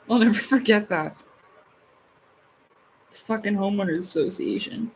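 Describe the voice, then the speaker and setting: Talking slowly in a medium-pitched, slightly rough voice, this Canadian streamer keeps things casual with her viewers. She's blunt, swears freely, and laughs a lot.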